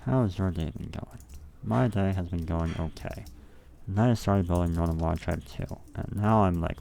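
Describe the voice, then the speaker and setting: Gravelly young man rambling as he builds. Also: low-pitched, moderate pace, dark tone. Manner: rambling, profane, self-talking. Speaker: game level builder. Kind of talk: casual thinking aloud while working.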